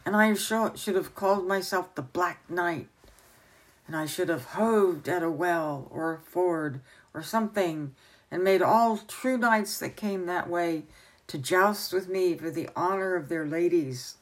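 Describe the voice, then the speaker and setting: A woman's voice: lowish voice, measured pace. A woman voicing an earnest young boy from a storybook who talks eagerly and wistfully.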